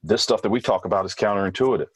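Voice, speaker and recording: A man being interviewed as a former hostage negotiator, explaining in a measured way with thinking fillers. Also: lowish voice, breathy edge, low-quality recording. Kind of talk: podcast interview.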